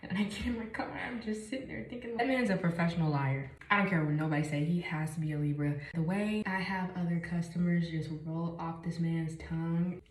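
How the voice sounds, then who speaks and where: A young woman from Chicago telling a story time while doing her makeup, animated, dropping to whispers and jumping up in bursts. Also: on the low side, a little fast, few pauses. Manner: animated, jumps between whispers and bursts of exclaiming. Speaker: vlogger. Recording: echoey room, faint noise.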